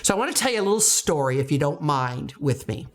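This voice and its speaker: Emphatic, animated woman telling her story. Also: low-pitched, fast talker. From United States. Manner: earnest, emphatic storytelling with rising exclamations. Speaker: education company founder, former principal. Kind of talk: personal story to camera.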